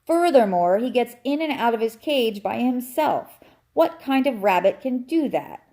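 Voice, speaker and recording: A woman's voice: on the high side, lively intonation, unhurried, warm tone, pitched above the performer's own voice. A woman voicing a smug, know-it-all male house cat who lectures in a cool, condescending way. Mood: lecturing. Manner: coolly explaining, condescending.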